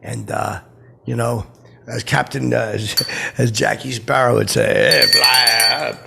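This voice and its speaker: A man's voice: medium pitch, steady tone, a little slow, noisy background. A man playing a rambling, starstruck oddball who tells awkward celebrity stories in a comedic character podcast monologue. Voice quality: gravelly, husky voice. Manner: meandering, awkward storytelling with nervous asides.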